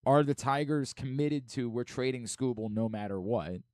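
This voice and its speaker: A hoarse man hosting a sports radio show, chatting casually and joking at his own expense. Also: mid-range voice, normal speed, darkish tone, no room sound, clean studio sound. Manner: self-mocking, repetitive joking. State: hoarse from singing at a concert.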